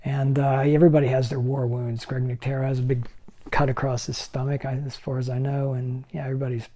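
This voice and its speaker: Man, 60s, special effects makeup artist, interview guest, animated storyteller, acts out quoted lines, mellow warm voice. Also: medium pitch, quick pace. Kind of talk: anecdotal storytelling.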